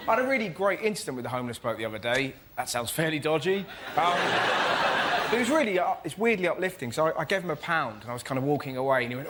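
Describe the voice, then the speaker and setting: A man doing panel show stand-up, animated and often shouting in put-on voices. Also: a little high, brisk. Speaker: comedian. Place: TV studio with live audience. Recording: TV studio with loud audience and noise.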